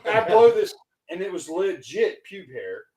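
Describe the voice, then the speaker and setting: A man hosting a podcast, telling a crude army story in a profane, animated way. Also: high voice, a little slow, roomy sound, a loud crowd, rough recording. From United States. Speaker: podcast host. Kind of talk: casual podcast chat, storytelling.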